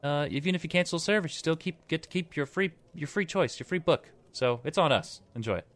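A man co-hosting a podcast, chatting casually and excitedly, joking and laughing often. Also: on the high side, fairly quick. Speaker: podcast co-host. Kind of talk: casual chat.

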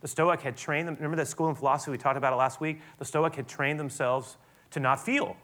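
A man preaching a sermon, animated, building to loud emphatic peaks and dropping to soft tones, often restarting his sentences. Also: a little high, quick pace. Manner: frequent restarts and repetitions. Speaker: pastor.

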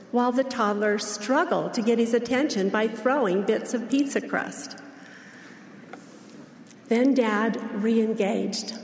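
A woman delivering a sermon as a church speaker, in a measured, gentle way. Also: a little high. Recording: echoey large hall.

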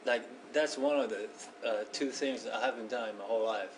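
A man chatting casually on a comedy podcast, laid-back and quick to laugh. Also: medium pitch, a little hiss or hum, low-quality recording. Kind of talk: casual chat.

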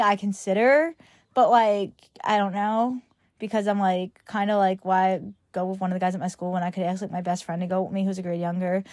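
A teenage girl from Long Island, New York, hosts her podcast with rambling, casual chat, filling her sentences with "like" throughout. Her medium-pitched voice has a darkish tone, captured with clean studio sound and no room sound.

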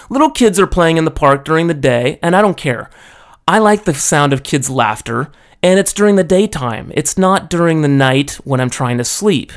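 Exasperated man ranting with profanity. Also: fairly high pitch. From foreigner living in Japan. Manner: profane, exasperated, peppers talk with "okay?". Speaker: storyteller. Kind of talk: casual ranting monologue.

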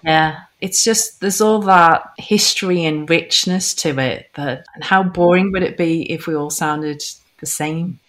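A woman's voice: sits low, unhurried, few pauses, fairly bright tone. A woman speaking as a podcast guest, earnest and thoughtful, with small hesitations as she talks. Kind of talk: conversational interview.

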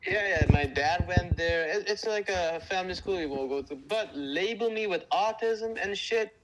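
A man's voice: high-pitched, moderate pace, a loud crowd, poor audio. A man from Aruba co-hosting a podcast, telling school stories in casual chat with jokes and swearing. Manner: storytelling, swearing, joking. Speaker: podcast co-host.

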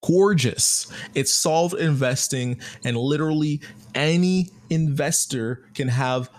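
A young man hosting a podcast in a casual, joking monologue, full of slang and animated storytelling. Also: fairly high pitch, slow pace, no room sound. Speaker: podcast host.

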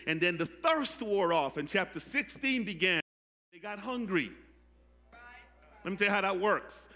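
A man pastor preaching a sermon, calling out to the congregation for responses and building from quiet teaching to loud preaching. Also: high voice, lively intonation, moderate pace. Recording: echoey hall.

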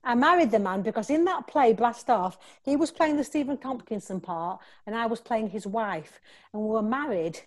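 A woman's voice: fairly high pitch, normal speed. A woman actress talking in a casual interview, rambling and restarting as she tells stories. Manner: rambling, restarts often, animated storytelling.

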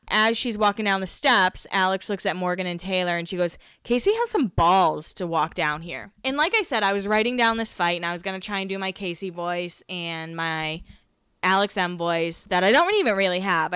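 Woman podcast host, casual recap, chatty, self-mocking, smooth clear voice, dry close sound. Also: medium pitch, a bit bright, dry recording.

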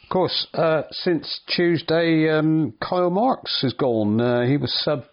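A man's voice: on the high side, takes it slowly, highs cut off. A man hosting a local football podcast and asking short, plain questions. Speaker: podcast host. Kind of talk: interviewing.

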